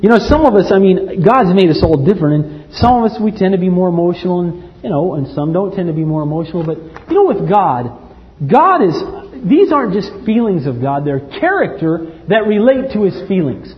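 Male preacher, impassioned sermon, lively raised pitch, dull hall recording. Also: fairly quick. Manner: impassioned, swings from loud to hushed.

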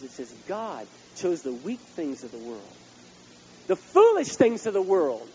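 A male pastor preaching a sermon, swinging between loud outbursts and hushed asides. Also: on the high side, lo-fi sound, a little hiss or hum.

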